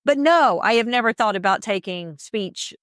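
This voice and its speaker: A woman's voice: fairly high pitch, normal speed, no room sound, studio quality. Chatty Southern woman on a podcast. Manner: chatty, animated storyteller with emphatic asides. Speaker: podcast co-host. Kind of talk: casual chat.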